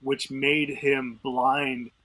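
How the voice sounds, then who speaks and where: A man's voice: medium pitch, flat delivery, extremely slow, a bit bright, poor audio. A man co-hosting a podcast, talking through a self-defense case in a loose, thinking-aloud way with many fillers and restarts. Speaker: podcast co-host. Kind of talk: casual discussion.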